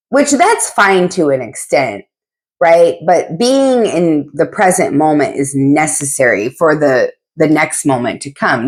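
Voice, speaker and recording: A woman's voice: fairly low pitch, slight background noise. A woman giving a casual tarot reading, talking in a blunt, chatty way with frequent asides and casual swearing. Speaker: tarot reader.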